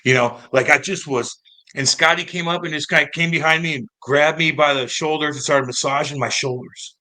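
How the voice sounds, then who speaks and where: A man in his thirties from St. Louis, a former pro hockey player telling stories in a casual, animated and profane interview. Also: fairly high pitch, fairly quick. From St. Louis, United States. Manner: animated, profane, acts out quoted voices.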